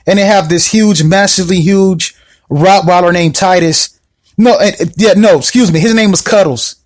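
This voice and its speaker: A man's voice: high voice, normal speed. A man hosting a podcast, telling a personal story casually with lots of fillers and restarts, acting out the people he quotes. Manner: animated, acts out quoted voices, many fillers and restarts. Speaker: podcast host.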